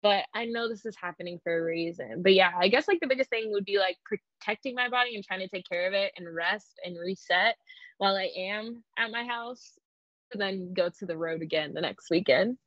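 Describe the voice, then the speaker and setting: A woman's voice: medium pitch, a little fast, fairly bright tone, dry recording. Bubbly young woman, dry lo-fi sound. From Phoenix, Arizona, US. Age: young adult, 19. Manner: bubbly, rambling, heavy use of "like". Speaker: guest, professional wrestler. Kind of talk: casual interview chat.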